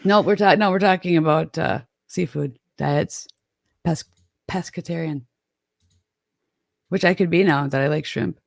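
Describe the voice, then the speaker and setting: A woman's voice: deep voice, unhurried, gravelly, pauses often, no room sound, studio quality. Rambling Midwestern woman chatting. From American Midwest. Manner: rambling, self-deprecating, with frequent restarts and laughs. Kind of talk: casual chat.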